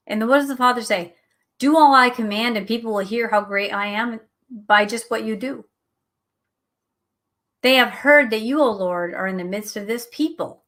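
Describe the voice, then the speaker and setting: A middle-aged woman hosting a show, teaching a Bible study in a conversational, animated way and laughing at herself now and then. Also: on the high side, a little slow. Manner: animated, chatty, acts out quotes, laughs at herself.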